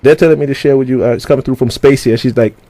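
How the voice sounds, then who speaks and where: A man's voice: mid-range voice, racing, warm tone, no echo. A man hosting a casual interview, talking loosely with lots of stammered restarts and frequent laughter. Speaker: radio show host.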